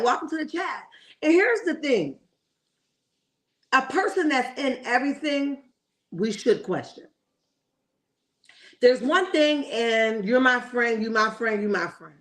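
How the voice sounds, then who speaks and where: A high-voiced woman runs a casual livestream commenting on reality TV. She's talkative and opinionated, welcoming chat viewers and checking in with "okay?"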